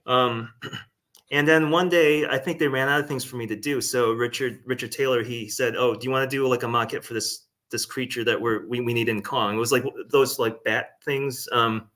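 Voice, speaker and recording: A man talking as a guest artist in a casual interview, hesitant and animated, with plenty of "um" and "like". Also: medium pitch, moderate pace.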